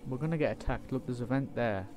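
A man giving chatty, playful let's-play commentary, breaking into loud excited outbursts. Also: medium pitch, fast talker, noisy background. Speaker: gaming YouTuber.

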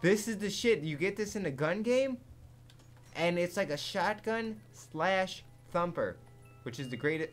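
A man giving live commentary over a zombie game, excitable and jumpy, swearing often and laughing at his own jokes. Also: sits high, normal speed. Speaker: gaming commentator.

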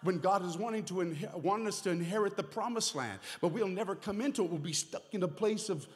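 A man preaching a sermon as pastor, animated and conversational, with asides and repeated phrases. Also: high-pitched, a little fast. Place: church sanctuary. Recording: reverberant hall.

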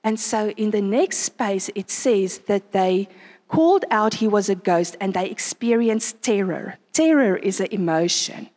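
A woman preaching at a conference in an animated way, often asking her listeners rhetorical questions. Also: mid-range voice, measured pace, in a large hall. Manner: animated, asks the crowd frequent rhetorical questions. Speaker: conference speaker. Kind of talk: sermon. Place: conference venue.

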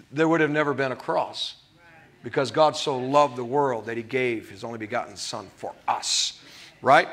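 Male pastor preaching with emphatic, drawn-out stresses; bright, somewhat high voice. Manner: emphatic preaching, stretching key words. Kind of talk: sermon.

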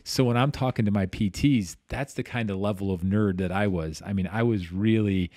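A man's voice: on the low side, normal speed, no echo, clean studio sound. A middle-aged man, a physical therapist guest on a podcast, telling stories in casual chat and acting out the voices he quotes. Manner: animated, acts out quoted voices, frequent restarts.

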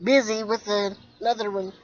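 A woman's voice: on the high side, steady tone, normal speed, muffled recording. A woman vlogger chatting casually outdoors with her mother, laughing often as she tells stories. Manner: giggly, laughs often while telling a story. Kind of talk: casual chat.

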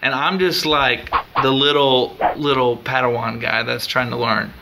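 A man giving a slow, earnest thank-you in a tribute video, searching for words as the new youth minister. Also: mid-range voice, steady tone, creaky, background noise.

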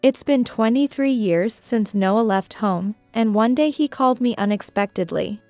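A woman reading a scripted first-person story in a measured, even way. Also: fairly high pitch, dry recording, faint music behind. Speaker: narrator.

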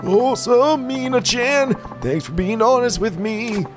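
A man's voice: very high-pitched, lively intonation, unhurried, over music, voice pushed up. A man voicing an obsessive, lovestruck young boyfriend in a whiny, overwrought voice while reading game dialogue. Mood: pleading. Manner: whiny, overwrought, repeating himself. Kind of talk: voice-acting game dialogue for a stream.

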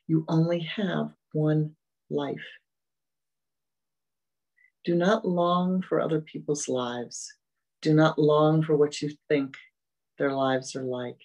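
A spiritual teacher giving a meditative dharma talk, gentle and repetitive, often fading to soft murmurs. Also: mid-range voice, fairly even intonation, slow pace, long pauses, low-quality recording.

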